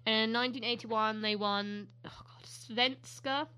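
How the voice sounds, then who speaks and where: A woman's voice: a little high, fairly even intonation, a little slow, sharp tone, smooth. A British woman co-hosting a podcast in chatty, rambling casual talk, often giggling. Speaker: podcast co-host. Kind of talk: casual chat.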